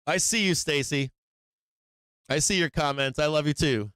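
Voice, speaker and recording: A man hosting a live trading stream, talking casually and excitedly, swearing freely and laughing often. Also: fairly high pitch, normal speed, clear, resonant tone, no room sound. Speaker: livestream trading host. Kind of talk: casual livestream chat.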